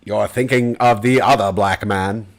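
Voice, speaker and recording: A man doing an impression of a slow, deep-voiced older male narrator. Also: steady tone. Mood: dry.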